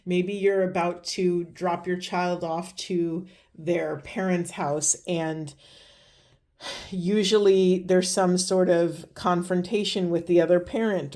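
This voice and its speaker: A woman giving a spiritual card reading to her viewers, speaking slowly and earnestly with many pauses and restarts, moved close to tears. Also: on the low side, warm tone. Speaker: tarot and oracle reader.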